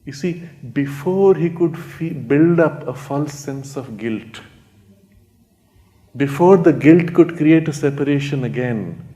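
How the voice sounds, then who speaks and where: A man giving a spiritual retreat talk to a live audience, telling stories gently and asking his listeners rhetorical questions. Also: on the high side, animated, slow pace. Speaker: spiritual teacher.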